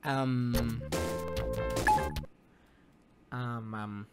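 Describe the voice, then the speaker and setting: Excitable theatrical male streamer. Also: medium pitch, very slow. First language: Spanish. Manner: excitable and theatrical, swinging between mutters and yelps. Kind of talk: live gameplay streaming commentary. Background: game music.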